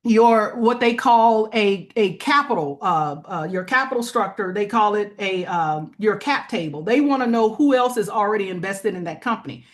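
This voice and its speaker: A woman's voice: medium pitch, expressive, moderate pace, few pauses. A woman as an interview guest, explaining business funding plainly and checking in with "right?". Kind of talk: conversational interview.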